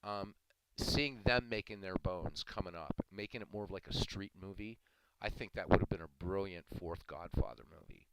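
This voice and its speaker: A deep, low-pitched man rambles casually as a stream host, chuckling now and then and repeating phrases. Loud noise runs steadily beneath his voice. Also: moderate pace, few pauses. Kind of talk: casual chat.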